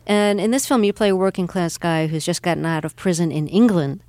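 A woman interviewer with a fairly low voice, setting up clips and asking careful, deliberate questions. Her voice is close and dry on the mic. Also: dark tone, dry recording. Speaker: radio interviewer.

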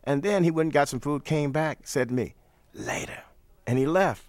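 An older man from St. Louis, telling stories as an interview guest in a relaxed manner, repeating phrases. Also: fairly high pitch, a little fast, dry recording. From St. Louis, USA. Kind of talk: storytelling in an interview.

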